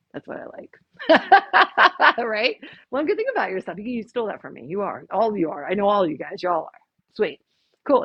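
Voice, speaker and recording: A young woman chiropractor runs a lively workshop in a small room, talking casually and counting her audience through breaths. Her voice is a touch husky. The recording is dry and somewhat muffled. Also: medium pitch, no room sound. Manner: chatty and upbeat, guiding breathing counts. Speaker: chiropractor leading a stress workshop. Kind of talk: live workshop talk.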